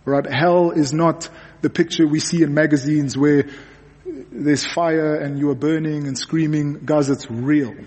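Man, sermon, earnest, repeats words for emphasis, slightly high voice, long hall reverb. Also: fairly even intonation, measured pace, darkish tone. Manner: earnest, repeats words when stressing a point. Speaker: pastor.

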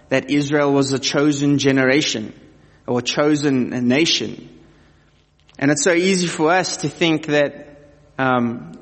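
Man preaching in a reverberant hall. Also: medium pitch. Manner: conversational, asks the listeners direct questions. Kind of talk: sermon with scripture reading.

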